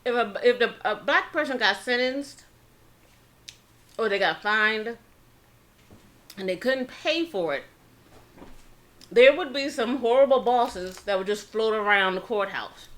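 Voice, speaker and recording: A woman with a slightly high, fairly bright voice hosts a casual eating-show story time on her channel. She chats her way through a history story, acting out the lines of the people in it and pausing to spell out words.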